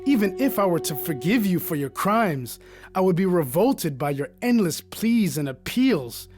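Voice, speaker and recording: A fierce warrior king calls out his foes in a commanding, scornful voice, pitched a little high and ringing, as a male narrator puts him on. Music plays steadily behind him in this epic audiobook. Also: very animated, normal speed. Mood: contemptuous. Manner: commanding, scornful, shouting out challenges. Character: fierce triumphant Zulu king, adult man.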